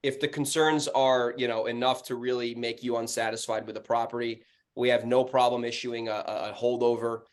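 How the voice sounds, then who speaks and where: Profane, animated New York man telling stories. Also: mid-range voice. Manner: animated, profane, acts out heated phone calls in a raised voice. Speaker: podcast co-host, real estate investor. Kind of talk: casual chat, storytelling.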